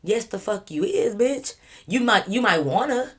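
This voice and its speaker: A woman vlogger telling a story in a casual way, animated, emphatic and full of swearing. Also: medium pitch, moderate pace, loud music behind the voice.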